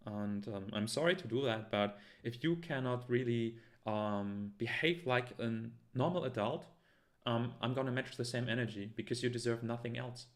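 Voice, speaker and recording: A live stream host reads and answers chat comments, arguing heatedly with viewers. His voice sits in the mid range at a normal speed, and his argumentative delivery is full of fillers and restarts.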